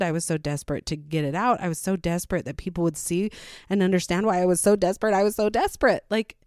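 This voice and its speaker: A woman's voice: mid-range voice, no echo, clean studio sound. A middle-aged woman talking candidly to viewers about her life as a parent, acting out what people said in raised voices. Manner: candid and animated, acts out quotes in raised voices, laughs between points. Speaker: parent sharing her experience. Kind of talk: casual personal talk to viewers.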